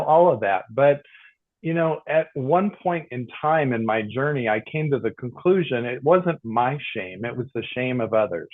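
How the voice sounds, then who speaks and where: Man in his sixties on a tinny line. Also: mid-range voice. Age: 60s. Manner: emotional, reflective, halting. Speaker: panelist. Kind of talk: personal story on a panel.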